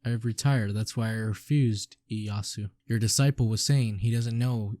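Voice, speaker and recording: Guy reading old retired sword sharpener, slow and regretful, low mellow tone, dry sound. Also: fairly even intonation, no room sound, natural voice. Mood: solemn.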